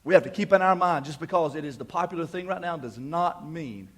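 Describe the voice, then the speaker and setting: A middle-aged man preaching a sermon in church as pastor, emphatic, repeating words as he builds, swinging between hushed asides and loud declarations. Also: on the high side, a little fast. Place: church sanctuary.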